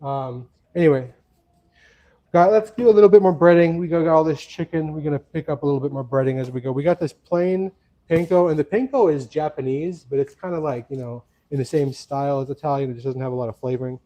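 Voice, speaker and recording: A man's voice: fairly high pitch, quick pace, highs cut off. Chatty, rambling cooking-stream man. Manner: rambling, chatty, addresses viewers as friends. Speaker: cooking livestream host. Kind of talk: casual cooking chat. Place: home kitchen.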